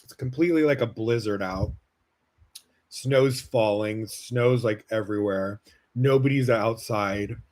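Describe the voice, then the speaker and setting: A man's voice: fairly low pitch, a little slow. A man from Las Vegas hosting a podcast, telling a personal story in a casual, frank way with many "like" fillers. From Las Vegas, United States. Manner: casual, heavy use of "like" fillers, frank and animated. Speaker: podcast host.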